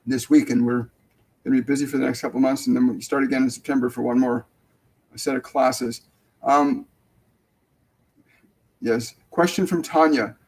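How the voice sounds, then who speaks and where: A man hosting a live mediumship show, relaying messages gently and hesitantly, with many fillers and restarts. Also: medium pitch, low-quality recording. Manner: soft, dropping almost to a whisper when relaying tender messages. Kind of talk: casual live mediumship reading.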